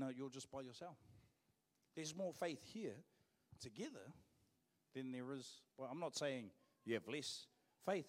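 A man with a New Zealand accent, a pastor preaching a sermon in a casual, emphatic way, repeating his phrases for stress. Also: mid-range voice. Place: church auditorium. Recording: long church hall reverb.

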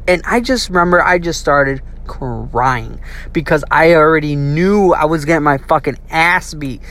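A young adult telling a childhood story in a casual, profane way. The delivery is animated, with quick shifts into quoted voices. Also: medium pitch.

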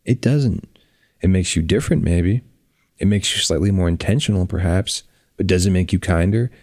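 A man hosting a reflective podcast, talking bluntly and earnestly with drawn-out pauses, on a close microphone. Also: low-pitched, darkish tone, no echo. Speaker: podcast host.

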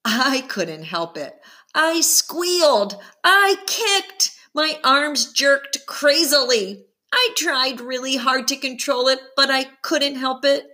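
A woman reading a first-person audiobook aloud, with expressive narration that follows the story's tension. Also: high voice, takes it slowly.

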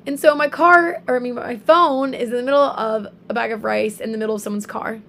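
A young woman tells a personal story in a relaxed, chatty way, full of fillers and quick asides. Her voice has a gravelly, creaky edge, and faint noise sits under the recording. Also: fairly high pitch. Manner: animated storytelling with many fillers. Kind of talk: casual faith chat.

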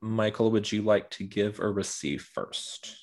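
Deep voiced guy cohosting a podcast on a video call, lots of laughing, talks in quick bursts. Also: a little mellow. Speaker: podcast co-host. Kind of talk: casual chat.

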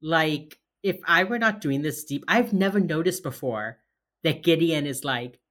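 A woman co-hosting a podcast, casually recapping a TV episode, swearing freely and retelling scenes in quick quoted bits. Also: sits low, expressive, a bit bright. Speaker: podcast co-host.

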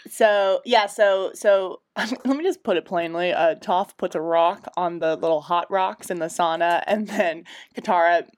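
A woman's voice: fairly low pitch, a little slow, few pauses. A woman talks loosely through a cartoon recap on a podcast. Her delivery rambles, she laughs at her own asides, and she keeps cutting herself off to rephrase. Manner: rambling, giggly, self-deprecating. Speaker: podcast co-host recapping an episode. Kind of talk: casual chat.

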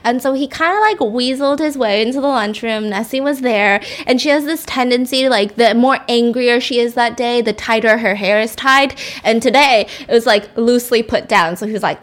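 A woman's voice: a little high, fairly quick. A woman host casually telling a scary story, chatty and swearing, slipping into the characters' voices. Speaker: podcast host.

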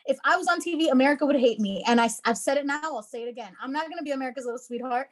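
This podcast co-host has a high voice and talks rapid-fire. Her casual chat is blunt and emphatic, and she swears freely.

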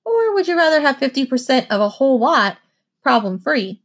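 A woman's voice: sits high, sing-song, moderate pace, fairly bright tone, pitched above the performer's own voice, exaggerated voice. Woman doing a slick persuasive teen boy. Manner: persuasive, confident bargaining. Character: smooth-talking teenage boy hustler.

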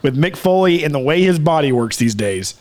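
Rambling man chatting casually, slightly high. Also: expressive, brisk, a little mellow. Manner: rambling, profane, restarts, mimics people in raised voice. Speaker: podcast co-host. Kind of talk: casual chat.

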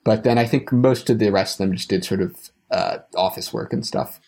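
Halting, wry young man. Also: fairly low pitch, gravelly, a little mellow, breathy edge. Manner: wry, halting, laughs between thoughts. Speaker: podcast co-host, trip returnee. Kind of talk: casual podcast conversation.

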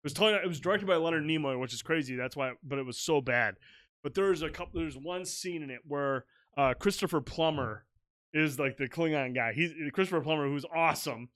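Tipsy, excitable man, loud and profane. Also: on the high side, a little fast, dry recording. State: tipsy, slurring. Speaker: podcast co-host. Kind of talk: casual chat.

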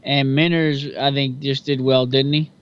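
A man's voice: mid-range voice, flat delivery, a little slow, clear, resonant tone. Profane casual man, lo-fi sound. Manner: loose, profane, chatty. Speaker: podcast co-host. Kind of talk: casual fight-pick chat. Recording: dull lo-fi sound.

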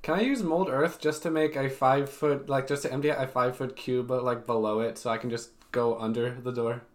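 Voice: medium pitch, steady tone, fairly quick. Player reading spell rules aloud. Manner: reads spell rules aloud, plans moves. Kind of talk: casual tabletop play.

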